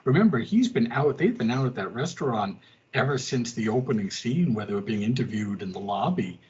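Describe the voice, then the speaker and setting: A man co-hosting a casual podcast, retelling scenes in an animated way and dipping into quick voices for the people he describes. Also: mid-range voice, slightly rough, highs cut off. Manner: animated storyteller, quick asides in character voices. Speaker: podcast co-host. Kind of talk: casual chat.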